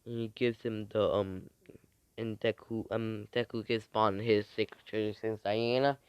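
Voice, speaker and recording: A man's voice: fairly low pitch, level tone, unhurried, clear, resonant tone, no room sound, highs cut off. A man narrating an improvised fan story, rambling along with many fillers and restarts.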